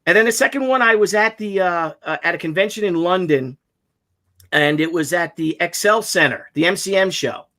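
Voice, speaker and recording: High-voiced man telling lively stories. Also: normal speed. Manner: animated storyteller acting out quotes. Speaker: comic artist. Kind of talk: casual chat, anecdote.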